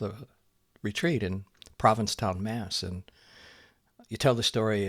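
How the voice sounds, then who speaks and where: A man in his fifties with a low voice hosts an interview, recorded dry and close. He asks his questions in a measured way, pausing on fillers. His delivery stays calm and unhurried. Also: dry recording. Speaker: podcast host. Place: home.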